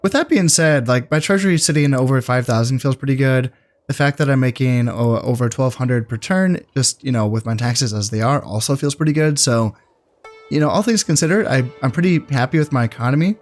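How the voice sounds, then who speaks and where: A man casually commentating his strategy game, thinking aloud in a relaxed, musing way with fillers. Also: medium pitch, fairly quick, faint music behind. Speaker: gameplay commentator. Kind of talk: casual let's-play commentary.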